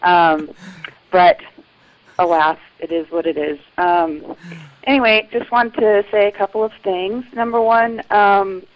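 A woman's voice: medium pitch, steady tone, measured pace. A woman caller leaving a chatty, rambling voicemail over a phone line. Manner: chatty, rambling with many ums. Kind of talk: voicemail message.

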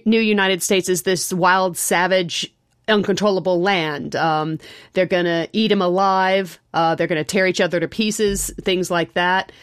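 A woman talks through her points on a podcast panel, pausing often to find her words. Her voice is mid-pitched and dry, with little room sound. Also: clear, resonant tone, dry recording. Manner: hesitant, frequent "um" pauses. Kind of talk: casual discussion.

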